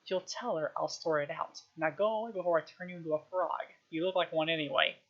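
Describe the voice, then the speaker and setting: A woman's voice: deep voice, fairly quick, muffled recording. A woman doing a snappish young witch. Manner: snappish, curt.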